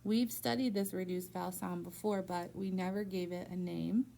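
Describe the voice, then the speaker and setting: A woman teacher works one-on-one through a phonics lesson in a school room. Her voice is mellow and dark, with a gravelly rasp at the bottom. She is patient and slowly draws words out syllable by syllable so they can be heard. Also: on the low side, fairly even intonation, a little hiss or hum.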